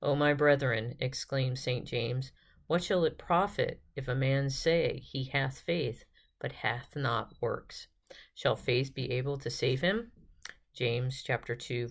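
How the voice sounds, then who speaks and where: A woman hosting a devotional podcast retreat, leading a prayer and reading a spiritual classic aloud in a calm, steady way. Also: rumbling low. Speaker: podcast host and retreat guide.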